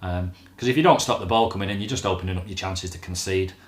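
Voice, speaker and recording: A deep-voiced man talks fast, hosting a fan channel and ranting bluntly about football straight to camera. He swears plenty, and the room sounds echoey.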